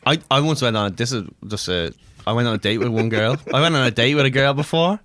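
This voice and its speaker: Bright, joking young man in a dry room. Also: medium pitch, no room sound. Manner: crude, joking, quick to riff. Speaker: podcast guest. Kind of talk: casual chat.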